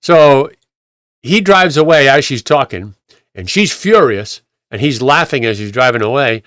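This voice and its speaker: A man's voice: medium pitch, expressive, measured pace, a bit bright, no room sound, studio quality. A male pastor telling stories in a rambling, conversational way, with frequent restarts and acted-out quotes. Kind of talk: conversational sermon storytelling.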